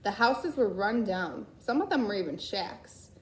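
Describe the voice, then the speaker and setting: A woman reads a children's story aloud at an easy, unhurried pace, now and then stumbling and correcting herself. Her voice sits at an ordinary pitch, and the room around her echoes noticeably. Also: animated. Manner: unhurried reading with slips and self-corrections. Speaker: reader. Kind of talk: reading a children's novel aloud.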